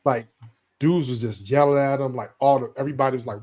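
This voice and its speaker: Casting note: a man, mid-range voice, easygoing and full of slang. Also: medium pitch. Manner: relaxed, drawn-out storytelling, slang-heavy. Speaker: co-host. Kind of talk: casual chat.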